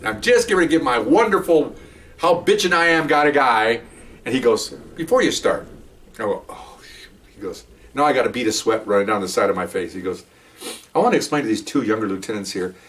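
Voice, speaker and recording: An older man, a retired police officer, telling stories in a casual, animated way, often checking in with "okay?" and restarting his sentences. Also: medium pitch, fast, recorded from a distance. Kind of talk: casual anecdotal storytelling.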